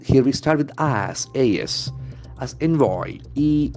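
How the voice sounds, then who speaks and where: A man's voice: mid-range voice, expressive, slow, creaky, a little mellow, faint music behind. A man teaching vocabulary from the news, spelling words letter by letter and repeating them. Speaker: English trainer. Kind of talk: newspaper vocabulary lesson.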